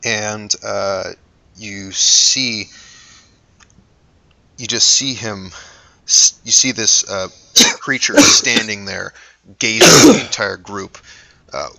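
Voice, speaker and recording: A man narrating as game master of a tabletop game, halting and hesitant, with frequent fillers. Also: fairly low pitch, creaky, bright, forceful tone, no echo, rough recording.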